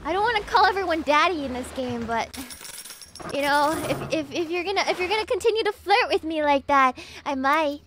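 A woman's voice: high-pitched, animated, a little fast, a bit bright, slight background noise. A woman streaming a game, chatting casually and teasingly, and giggling as she thanks donors.

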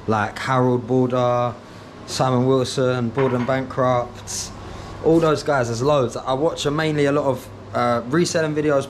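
Man, Essex accent, casual vlog chat, laughs a lot, noisy indoor ambience. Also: mid-range voice. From England. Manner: chatty, laughs often. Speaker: vlogger and reseller. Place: customer's home, indoors.

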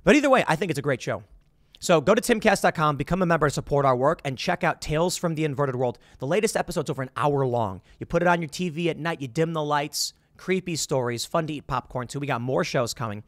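Animated man hosting political commentary. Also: fairly high pitch, quick pace, no echo, clean studio sound. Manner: animated, acts out quoted voices. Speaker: host.

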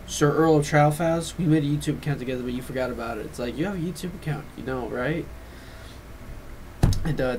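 A teenage boy speaks to camera in an emotional, confessional vlog. His voice sits a bit high, and his sentences keep stopping and restarting as he rambles. A faint background hiss runs under the recording. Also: a little mellow, rough recording. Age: teens. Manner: rambling and earnest, with frequent restarts and trailing off; emotional, fighting back tears at times. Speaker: vlogger.

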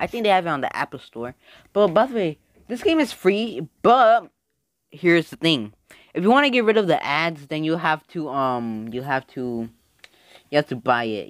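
A young man playing through a story game, reading its text aloud and reacting with excitable, animated outbursts. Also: a little high, no echo, studio quality. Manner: excitable, animated, swings between mumbling and loud outbursts. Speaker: let's-play gamer.

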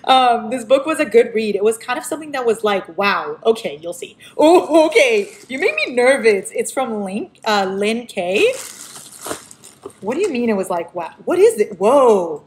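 Bubbly, lively young woman vlogger. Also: fairly high pitch, moderate pace, a little hiss or hum. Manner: gushing, excitable, playful. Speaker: book vlogger. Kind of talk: casual chat unboxing book mail.

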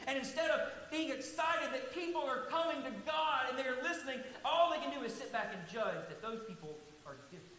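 A man preaching a sermon as pastor in a large church sanctuary, earnest and emphatic, slowing down to stress key words. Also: extremely high pitch, animated, bright, forceful tone. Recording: echoey hall, faint hiss.

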